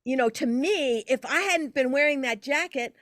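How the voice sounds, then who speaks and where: An older woman, a podcast guest, telling a long personal story in an animated way, her pitch leaping as she relives moments. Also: normal speed, no room sound, clean studio sound. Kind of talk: casual storytelling interview.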